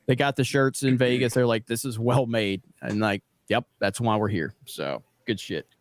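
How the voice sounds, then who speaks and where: A man's voice: mid-range voice, normal speed, no room sound. A man co-hosting a live stream, rambling casually and plugging sponsors with jokes. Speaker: co-host.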